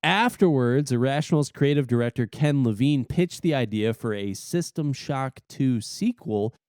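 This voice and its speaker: A man's voice: medium pitch, animated, darkish tone, smooth, no echo, clean studio sound. A man co-hosting a gaming podcast, reading game history from notes with easygoing banter. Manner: easygoing, quick to laugh and tease. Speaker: podcast co-host.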